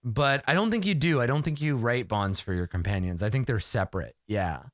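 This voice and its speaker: A man's voice: medium pitch, fairly quick, no echo, clean studio sound. A man narrating a solo tabletop game in the first person, rambling and emotional, with many fillers.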